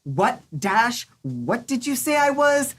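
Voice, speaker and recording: A woman reading a proud, sharp-tongued society woman at a table read, slowly saying the punctuation marks aloud. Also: fairly high pitch, sing-song, husky, heavily acted. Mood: wry.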